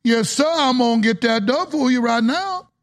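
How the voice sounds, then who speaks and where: A man's voice: very high voice, lively intonation, normal speed, voice pushed up. A man putting on a drawling Cajun oil boss. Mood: defiant. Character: blustering Cajun oil executive, middle-aged man.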